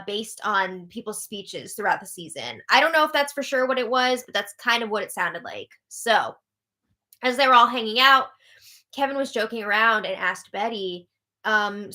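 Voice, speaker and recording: A young woman hosts a casual live update show, chatty and tired, yawning and laughing often as she recaps. Her voice sits on the high side and sounds pushed and bright.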